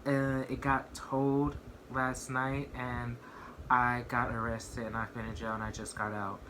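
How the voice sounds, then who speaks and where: A man's voice: medium pitch, little pitch movement, measured pace, noisy background. A young man vlogging a casual storytime, rambling and filling his sentences with "like" and "you know what I mean.".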